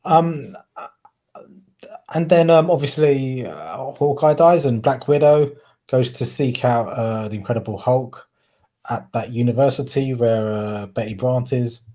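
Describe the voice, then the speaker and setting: Mellow-voiced Cockney man chatting. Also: medium pitch, measured pace. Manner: rambling, self-correcting, often trips over words. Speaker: podcast co-host. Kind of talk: casual chat.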